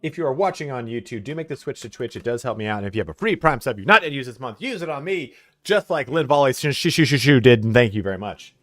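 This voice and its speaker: A man's voice: mid-range voice, expressive, fast, few pauses, a bit bright, dry recording. A man streaming a game live, chatting casually with viewers and laughing often.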